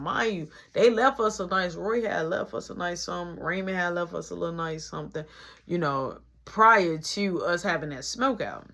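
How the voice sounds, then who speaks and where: A woman telling a story in a casual storytime vlog, in a slangy, animated manner. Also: on the low side, normal speed, gravelly.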